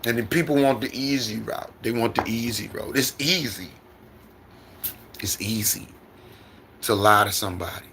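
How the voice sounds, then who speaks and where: A middle-aged man speaking into his phone on a livestream, with a bright, forceful tone. He tells stories and turns them into lessons, repeating his points like a preacher. Faint background noise sits under his voice. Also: fairly low pitch, moderate pace, gravelly, pauses often. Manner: repetitive, preacherly storytelling. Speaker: trucker livestreamer. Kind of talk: casual livestream monologue.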